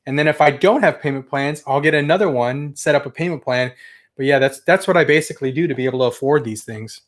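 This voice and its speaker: A young adult man hosts a toy collecting livestream, chatting casually and talking fast in a medium-pitched voice. He rambles enthusiastically while reading viewer comments.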